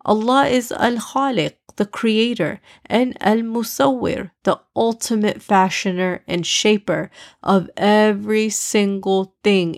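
Woman doing a gentle father, soft, reassuring, patient, storybook. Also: fairly high pitch. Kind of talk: storybook reading.

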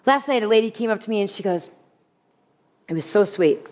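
A woman preaching a sermon with humor, animated, often repeating her key phrases. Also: medium pitch, fairly quick. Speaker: women's speaker. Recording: long hall reverb.

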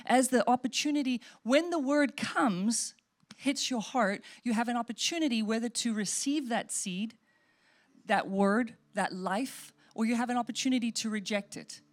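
A woman's voice: fairly high pitch, moderate pace. A woman pastor giving a sermon and altar call, earnest and repeating short phrases as she prays aloud. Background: soft music.

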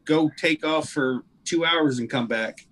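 A man talks in a loose, rambling way, restarting sentences and repeating words as he works through a point. His voice sits a bit higher than most men's. It is a casual group conversation. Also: measured pace, fairly bright tone. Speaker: pilot sharing fly-in experience.

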